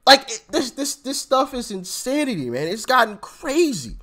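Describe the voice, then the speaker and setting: A man's voice: very high-pitched, very animated, normal speed, sharp tone. A man hosting a political commentary channel, ranting sarcastically and stammering as he repeats himself.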